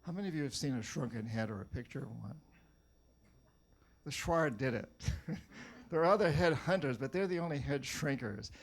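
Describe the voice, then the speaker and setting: A man's voice: mid-range voice, animated, normal speed. Older man telling wry stories. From New Hampshire, USA. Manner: anecdotal, wry, with frequent stumbles and repeats. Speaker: author giving a talk. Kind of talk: storytelling talk to a live audience.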